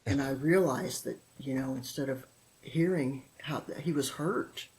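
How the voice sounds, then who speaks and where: A middle-aged woman, a guest on a parenting podcast, telling lively stories from her teaching and family life and acting out what people said. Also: extremely low pitch, measured pace, poor audio. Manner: animated storyteller who acts out quotes and laughs often. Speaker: guest, author and former teacher. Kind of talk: podcast interview storytelling.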